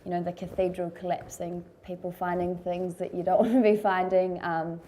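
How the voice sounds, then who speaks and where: New Zealand woman, low and mellow, flat hesitant interview recollection. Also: normal speed. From Christchurch, New Zealand. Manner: hesitant, filler-heavy telling.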